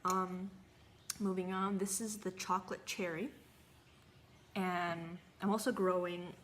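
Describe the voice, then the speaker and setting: A woman with a lowish voice chats casually through a home gardening vlog, hesitant and easygoing as she tastes and talks at once. A faint hum of ambience sits behind her. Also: little pitch movement, takes it slowly, pauses often. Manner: chatty, hesitant, talks while eating. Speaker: gardening vlogger.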